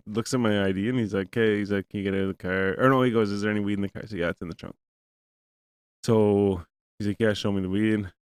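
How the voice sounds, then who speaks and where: A man with a low, smooth voice tells a long story in casual podcast chat. He rambles and swears often, filling his talk with "like" and "man". He acts out the other person's lines as well as his own. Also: steady tone, brisk, no echo. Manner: rambling and profane, full of "like" and "man"; acts out both sides of a conversation. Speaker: podcast host.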